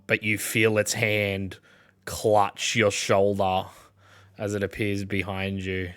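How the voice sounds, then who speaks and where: A man with an Australian accent narrating as game master, slow and full of fillers. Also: on the low side, a bit bright. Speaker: dungeon master.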